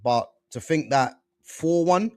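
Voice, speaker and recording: Taking it slowly, this young podcast host has a slightly high male voice on a dry recording. He chats casually about football, relaxed and slangy, with plenty of "man" and "bro."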